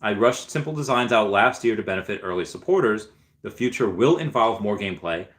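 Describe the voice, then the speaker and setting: A man hosting a casual livestream, reading viewers' chat messages aloud, thinking out loud with fillers, and sometimes jumping into high squeals of delight. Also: lively intonation, brisk. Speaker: livestream host.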